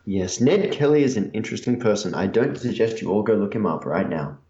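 A man's voice: fairly low pitch, lively intonation, a little fast, mellow, roomy sound, muffled recording, a little hiss or hum. Chatty man running a tabletop game. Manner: chatty, hesitant, joking. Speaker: game master. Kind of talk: casual tabletop game narration.

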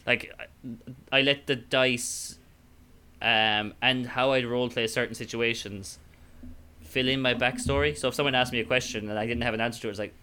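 Irish man, casual chat, bright tone, rambling with fillers. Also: mid-range voice, steady tone, brisk, slight background noise. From Ireland. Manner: rambling, full of fillers and restarts. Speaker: podcast guest, tabletop player.

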